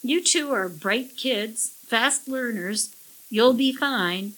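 A woman's voice: on the high side, slow, fairly bright tone, pitched above the performer's own voice, low-quality recording. A woman voicing a sly, scheming male parrot who snickers and squawks smugly.

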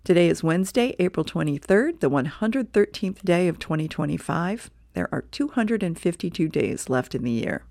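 A woman volunteer reader reading the newspaper aloud for a radio reading service, relaxed and plain, with small self-corrections. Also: fairly low pitch, moderate pace, vocal fry, hardly any pauses, no room sound, clean studio sound.

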